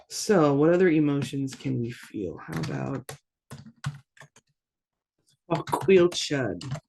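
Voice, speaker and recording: A language teacher giving a casual online lesson, repeating each word slowly and carefully and dropping in relaxed asides between examples. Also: medium pitch, gravelly, slight background noise. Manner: slow, careful repetition of words with casual asides.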